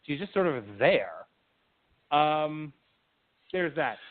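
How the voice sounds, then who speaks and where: A man on a movie-review podcast, talking in an animated, rambling way and restarting his sentences. His voice sits a bit high. He comes through a thin, phone-like line. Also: takes it slowly. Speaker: podcast co-host, film reviewer. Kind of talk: casual movie-review chat.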